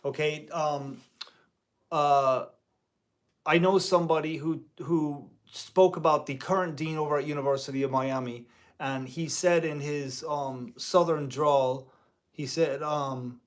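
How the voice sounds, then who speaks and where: Guy w a higher voice rambling slowly on his channel, lots of restarts. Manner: rambling, with many restarts and mild euphemistic cursing. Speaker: part-time music teacher and guitar channel host. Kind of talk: casual commentary vlog.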